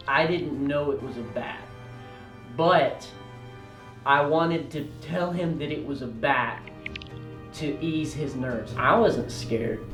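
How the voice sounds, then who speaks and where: A young man tells a comedic story as host, animated and prone to yelling out the loud parts. His voice rings in a roomy space and sits a little back from the mic. Faint music plays underneath. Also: on the high side, far from the mic. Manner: animated, yelling out quoted lines and rushing through bursts.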